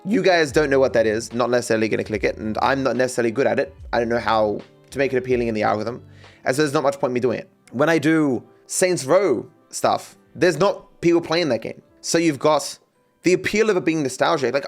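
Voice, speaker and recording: An Australian man rambles through a casual live-stream chat, his voice sitting at a middle pitch. He sounds out words as he explains them, with soft music playing faintly behind him. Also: fast talker.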